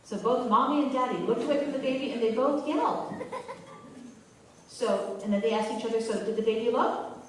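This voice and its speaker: A woman's voice: a little fast, long pauses, recorded from a distance. Woman telling a comic story in an echoey hall. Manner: playful, stretches words, bursts into high excited squeals. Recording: echoey hall, picked up from afar, noisy.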